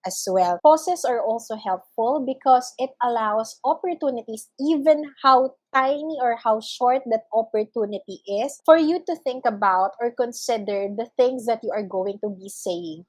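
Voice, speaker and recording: A young adult woman teacher giving a recorded lesson, explaining step by step in measured, parallel phrases. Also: fairly high pitch, a little mellow, no room sound, low-quality recording. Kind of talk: recorded online lecture.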